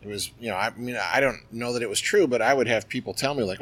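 A man's voice: mid-range voice, fast. Middle-aged guy rambling through poker stories on a podcast, lots of likes and you knows. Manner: lively, chatty, filler-heavy. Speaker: guest, poker player. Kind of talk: interview storytelling.

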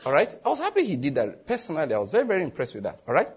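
Nigerian male preacher, husky high voice, lively storyteller who voices others. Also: very fast. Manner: animated storytelling, voicing others in a raised pitch. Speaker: pastor. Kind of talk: sermon.

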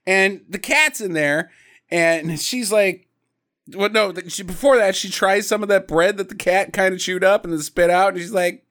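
A man's voice: high voice, normal speed, a bit bright. A man co-hosting a podcast, recapping a movie in casual, jokey chat and mimicking the characters. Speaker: podcast co-host.

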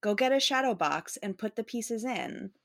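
A woman's voice: a little high, lively intonation, normal speed. Supportive woman podcast co-host. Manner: supportive, frequent laughs and affirming interjections. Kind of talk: casual chat.

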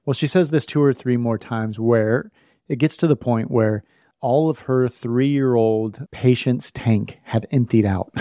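A man's voice: mid-range voice, unhurried, mellow, no room sound, studio quality. A man in his thirties hosting a parenting podcast, telling a personal story candidly and laughing at himself. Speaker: podcast host. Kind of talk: storytelling talk.

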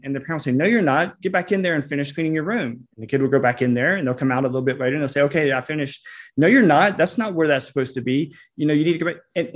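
Male podcast co-host, slightly high voice, chatty and agreeable. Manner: conversational, lots of fillers and quick agreement. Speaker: psychologist co-host. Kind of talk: casual podcast discussion.

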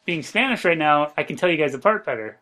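Dry, teasing podcast host. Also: male voice, a little high, expressive, fast talker, pushed and bright, slight background noise. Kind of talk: casual podcast chat.

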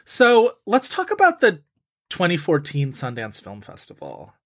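A man's voice: a little high, huge pitch swings, a little slow. A young man co-hosting a casual film podcast, talking in a rambling way with lots of fillers. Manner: chatty, rambling with many fillers. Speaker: podcast co-host.

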